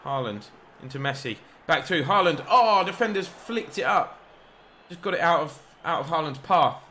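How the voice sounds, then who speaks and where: A young man giving excitable, rambling live commentary over a football video game, shouting encouragement at the players and joking at himself. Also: a little high, normal speed, a little hiss or hum. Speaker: gaming YouTuber.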